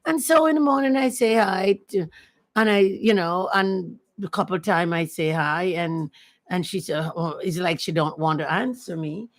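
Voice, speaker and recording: A woman talks straight to her viewers in a loose, rambling livestream monologue. Her voice has a gravelly edge, and she leans hard on her points, circling back and repeating herself as she goes. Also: fairly low pitch, moderate pace. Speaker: host of a personal talk channel. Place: at home with her dog.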